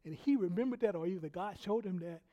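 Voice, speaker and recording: A man preaching a sermon, telling a personal story in an animated way, laughing often and dropping from loud bursts to hushed quiet. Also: high-pitched, quick pace. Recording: long hall reverb.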